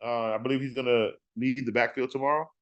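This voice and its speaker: A man hosting a fantasy football podcast in casual talk, animated and trash-talking, repeating words for emphasis. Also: medium pitch, quick pace, muffled recording.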